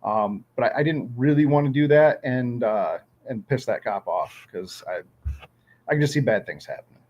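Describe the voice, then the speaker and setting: A man from Ohio telling a lively magnet fishing story in a casual chat, acting out quotes and often repeating words. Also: medium pitch, moderate pace, lo-fi sound.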